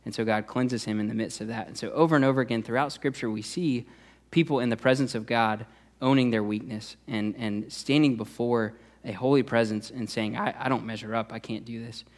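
A man's voice: medium pitch, brisk. A man who is a youth pastor, preaching a sermon in a conversational way, with frequent "uh" fillers and restarts.

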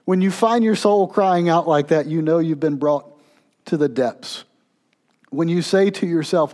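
A pastor in the middle of his sermon, his voice sitting a little higher than most men's. He swings between raised, pleading intensity and quiet, low-voiced stretches that draw the listener in. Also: unhurried.

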